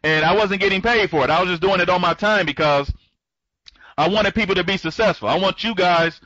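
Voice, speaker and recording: A man with a fairly high, bright voice runs an online training session and rambles from one thought to the next. He restarts his sentences constantly and greets listeners by name. The audio is dull and lo-fi. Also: brisk, no echo. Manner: speeds up when excited. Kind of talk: live online training talk.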